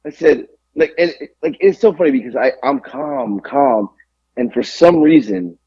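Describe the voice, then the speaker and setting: A man's voice: medium pitch, unhurried, slightly rough, highs cut off. A man co-hosting a podcast, telling a long exasperated story full of swearing. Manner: animated, profane, exasperated ranting. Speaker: podcast co-host. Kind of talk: casual storytelling rant.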